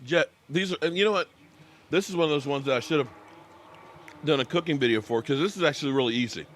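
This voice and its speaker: A man's voice: a little high, quick pace, a bit bright. An American man hosting a casual live sports reaction stream, chatting with viewers by name and talking while he eats.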